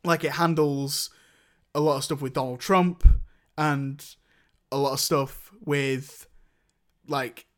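Chatty young guy, slightly high. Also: steady tone, takes it slowly. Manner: rambling, lots of "like" and restarts. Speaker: podcast co-host reviewing films. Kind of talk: casual chat.

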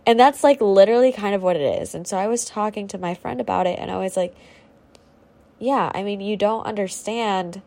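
A woman's voice: mid-range voice, fairly quick, mellow. Chatty young woman ranting casually. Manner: chatty, swears freely, rambling with many fillers. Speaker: podcast host. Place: at home with a squeaky chair. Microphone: faulty home microphone.

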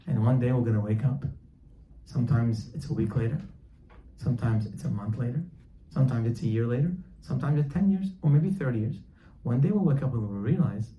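A man's voice: mid-range voice, animated, a little fast, dark tone, reverberant, rough recording. Man preaching with a dramatic parable. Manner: dramatic, acts out dialogue in a parable. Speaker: religious teacher. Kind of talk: sermon with storytelling.

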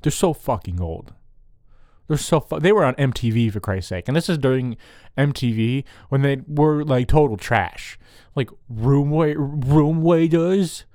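A man's voice: mid-range voice, lively intonation, moderate pace, darkish tone, dry recording. A man rambling through a crude, profane solo monologue into a close microphone.

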